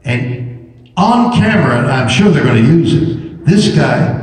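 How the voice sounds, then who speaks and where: An older man tells a rambling, jokey anecdote to a convention audience, stumbling over restarts. His pitch swoops widely as he builds up to the punchlines. The sound is distant and booming, as if caught from the back of a large hall. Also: unhurried. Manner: animated, repetitive restarts, jokey. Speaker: convention panel guest. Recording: echoey hall recorded from far back.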